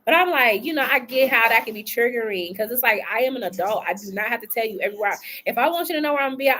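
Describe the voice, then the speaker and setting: A woman's voice: on the high side, expressive, quick pace, fairly bright tone. Chatty woman tarot reader on a live stream. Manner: chatty, colloquial, talks to chat as "y'all" and "love". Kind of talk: casual live-stream chat. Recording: faint background noise.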